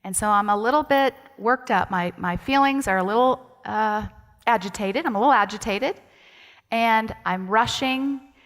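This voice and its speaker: Speaking unhurriedly in a slightly high, fairly bright voice, this associate minister gives a conversational sermon and keeps asking the congregation questions. She's a woman, and her chatty delivery echoes with long hall reverb through the church sanctuary.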